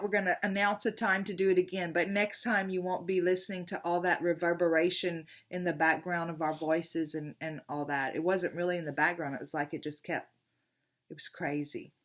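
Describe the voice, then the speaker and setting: An older woman, a tarot reader talking casually and warmly to her viewers, rambling with frequent restarts. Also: mid-range voice.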